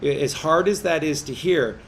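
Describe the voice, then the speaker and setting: A man's voice: a little high, moderate pace, gravelly, fairly bright tone, a little hiss or hum. A man co-hosting a community call-in chat, rambling and often restarting and repeating his words. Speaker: co-host.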